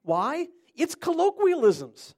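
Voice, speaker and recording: A man's voice: very high voice, wildly swooping pitch, takes it slowly, darkish tone. A middle-aged man from Ohio preaching an interactive sermon, chatting with his listeners and quizzing them by name. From Cleveland, Ohio.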